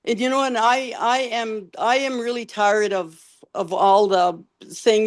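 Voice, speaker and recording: Earnest older woman candidate, halting. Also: mid-range voice, little pitch movement. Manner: halting, repeats words, earnest. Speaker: election candidate. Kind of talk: emotional closing statement. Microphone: video call.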